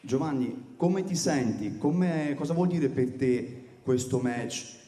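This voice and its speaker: A man working as an interpreter at a press conference, relaying answers briskly. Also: medium pitch, animated, dark tone, reverberant, in a large hall.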